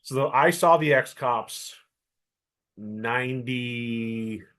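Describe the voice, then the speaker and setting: A middle-aged man from Canada, co-hosting a podcast and telling a long story with lively acted-out quotes. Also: mid-range voice, takes it slowly. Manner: animated storyteller, acts out quoted voices. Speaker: podcast co-host. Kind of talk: casual chat.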